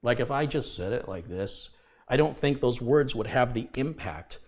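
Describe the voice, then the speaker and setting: A man's voice: medium pitch, lively intonation, moderate pace, a little mellow. A man hosting a live computer repair stream, talking casually but with passion and emphasis, lecturing his viewers. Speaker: livestream host. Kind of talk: casual livestream talk.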